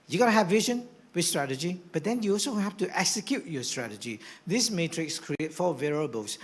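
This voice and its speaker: Animated high-voiced pastor preaching. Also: male voice. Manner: animated, swings from hushed to shouting. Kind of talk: sermon. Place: church hall.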